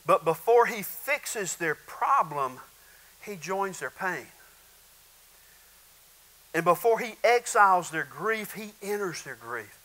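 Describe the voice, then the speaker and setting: Drawling preacher with a bright, high voice. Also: male voice, big pitch swings, slow, pauses often, poor audio. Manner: folksy storytelling, acts out little dialogues. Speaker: pastor. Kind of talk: sermon.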